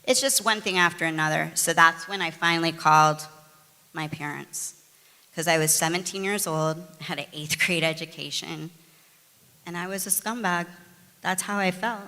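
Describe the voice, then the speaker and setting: A middle-aged woman from the United States, candidly telling her recovery story in a chatty, animated way, full of fillers and restarts. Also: on the low side, moderate pace, in a large hall. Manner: conversational, frequent fillers and restarts, animated retelling. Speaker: guest sharing her recovery testimony.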